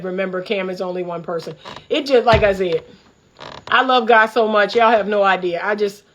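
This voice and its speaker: A middle-aged relationship coach from the Washington D.C. area hosts a livestream, delivering a commentary monologue that's fired-up, preachy and candid. Her voice is on the high side, and the audio sounds dull.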